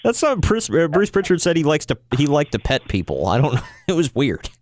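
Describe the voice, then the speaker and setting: A man's voice: fairly high pitch, wildly swooping pitch, fast talker, darkish tone, a little hiss or hum. A man co-hosting a podcast in casual chat, jokey and teasing, laughing often. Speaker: podcast co-host.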